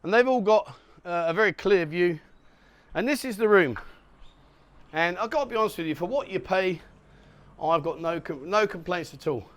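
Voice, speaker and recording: A middle-aged man with a fairly high voice vlogs outdoors into a handheld camera. He chats and jokes with his viewers as he walks, and he sounds a bit out of breath on the hill paths. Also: expressive, normal speed, a bit bright, no echo. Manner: chatty, jokey, addresses viewers directly. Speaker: travel vlogger. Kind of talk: casual walking vlog. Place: outdoors on a hillside island resort.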